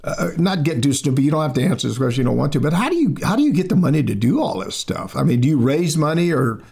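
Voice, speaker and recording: Older male host, gravelly, folksy, halting delivery. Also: on the high side, big pitch swings, a little mellow. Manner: halting, repeats words, folksy. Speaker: interview host. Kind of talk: conversational interview.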